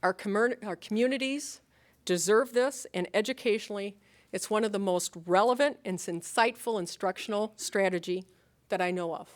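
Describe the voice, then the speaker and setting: A woman's voice: medium pitch, moderate pace. A middle-aged woman with an Upper Midwest American accent, giving a college president's convocation address in an earnest, rallying way, using rhetorical questions and light humor. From Upper Midwest of the United States.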